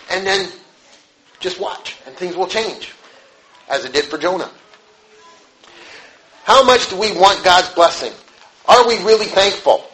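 A man's voice: sits high, animated, normal speed, long pauses, a bit bright, a little hiss or hum, rough recording. A middle-aged man preaching a conversational sermon, acting out little quoted voices as he goes.

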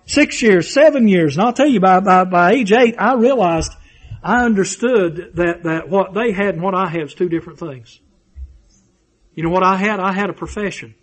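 رجل واعظ بلهجة جنوبية أمريكية، بصوت مرتفع الطبقة، يلقي عظة بحماس وتكرار إيقاعي ويروي قصصاً شخصية. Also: male voice, high-pitched, moderate pace. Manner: fervent, repetitive preaching cadence with personal storytelling. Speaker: preacher. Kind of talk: sermon.

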